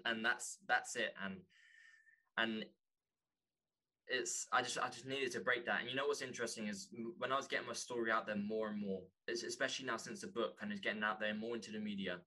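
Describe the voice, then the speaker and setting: Man for a guest spot, earnest and halting, fairly low and very bright tone. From London, England. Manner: earnest, halting, restarts often. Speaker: podcast guest, author. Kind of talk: candid conversation.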